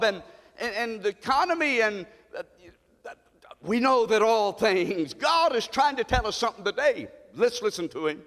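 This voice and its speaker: A male pastor delivers a sermon in a church sanctuary, his fairly high voice swooping up and down as he calls to the congregation and climbs into shouts. A long church reverb trails behind his words. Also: expressive, normal speed. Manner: call-and-response preaching, rising to shouts.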